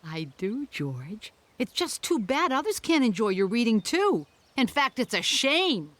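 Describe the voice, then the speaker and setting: Martha, a high, cheerful hippo. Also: female voice, sing-song, a little slow, no echo. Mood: encouraging. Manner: warmly encouraging, gently teasing. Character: kind, encouraging female hippo, a grown-up.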